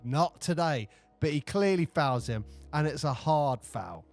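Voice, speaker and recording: Animated man chatting, faint music. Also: on the high side, unhurried. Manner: animated storytelling, acts out quoted lines. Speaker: podcast co-host. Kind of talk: casual chat.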